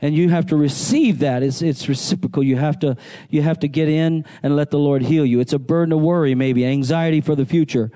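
A male pastor delivers a sermon, reading scripture and calling out questions to his congregation. His voice sits high for a man, with a soft, mellow tone. His delivery is animated, with frequent restarts. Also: a little fast. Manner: animated preaching, calls to the congregation.

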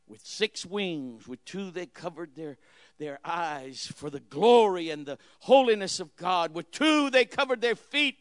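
A man preaching a sermon as pastor, fervent, swinging from soft, low passages to loud outbursts. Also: smooth, no echo, clean studio sound.

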